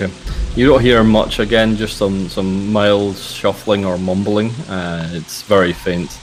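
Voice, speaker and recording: A man narrating a tabletop horror game as game master, in a relaxed, hesitant way with many fillers. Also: on the low side, a little slow, soft background music, poor audio. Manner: relaxed, hesitant with frequent uhs.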